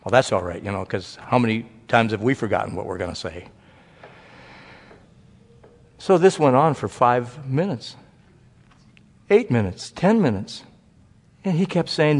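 An older man preaching a sermon as pastor, earnest and drawn-out, often dropping to a hushed tone. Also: medium pitch, lively intonation. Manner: slow, drawn-out delivery that sinks to a hushed, earnest tone. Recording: long echo of a large hall.

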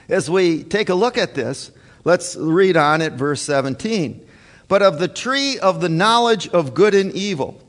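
Male pastor, slightly high voice, deliberate emphatic sermon delivery, hall reverb. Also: fairly bright tone. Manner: slow, emphatic preaching with many fillers.

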